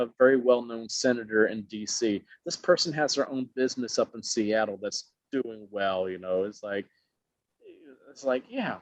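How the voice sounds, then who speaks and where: A middle-aged man from Alabama, an actor, tells stories in a laid-back interview, animatedly acting out quotes with many voices. His voice is medium pitch. The recording is dry, dull and lo-fi.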